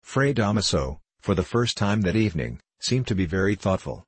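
A man narrating an audiobook in a measured, even reading. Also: fairly low pitch, slightly rough, no room sound. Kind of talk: scripted narration.

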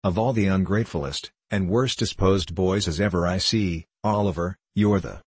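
A man puts on a pompous beadle who scolds and blusters in a deep, husky voice. The sound is close and dry, like a storybook read straight into the mic. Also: moderate pace, dry recording. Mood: stern. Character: pompous stern male parish beadle.

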